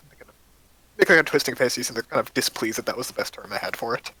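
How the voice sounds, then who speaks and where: A man's voice: medium pitch, quick pace, bright, forceful tone, slightly rough, poor audio. Man casually narrating a tabletop game. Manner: casual, chatty narration with many fillers. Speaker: game master.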